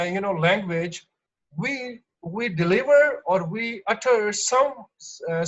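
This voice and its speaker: A man teaching an online exam-prep lesson, explaining slowly with lots of fillers and restarts. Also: high-pitched, highs cut off. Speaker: English teacher.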